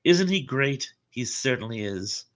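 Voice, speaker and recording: A man's voice: medium pitch, big pitch swings, unhurried. An American man hosting a casual live stream, rambling through stories and reading out viewer comments with fillers and chuckles. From United States.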